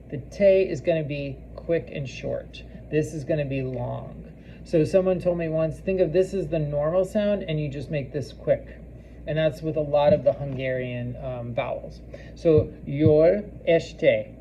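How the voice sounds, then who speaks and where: A man talks through a language lesson at an unhurried pace, pausing on "um" and "uh" and saying each foreign phrase several times. His tone is soft and mellow. The recording sounds slightly dull and lo-fi. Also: a little high, a little hiss or hum. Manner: repeats foreign phrases slowly, many fillers. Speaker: language teacher. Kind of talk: casual spoken lesson.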